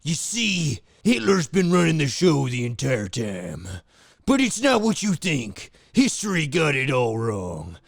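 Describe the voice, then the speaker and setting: A man's voice: fairly high pitch, wildly swooping pitch, gravelly, dry recording, studio quality, heavily acted. A man voicing a brash male wrestler who drawls and keeps calling people brother. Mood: conspiratorial. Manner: slow, drawling, says brother a lot.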